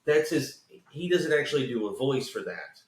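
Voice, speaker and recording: A man's voice: medium pitch, big pitch swings, normal speed, reverberant, distant mic. A man with a Southern US accent, co-hosting a podcast, telling a rambling story and swearing freely. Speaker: podcast co-host. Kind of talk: casual chat.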